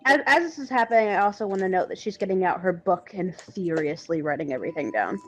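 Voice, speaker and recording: A woman's voice: on the low side, expressive, fast, fairly bright tone. A woman player in a tabletop game who speaks eagerly and matter-of-factly. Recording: dull lo-fi mic.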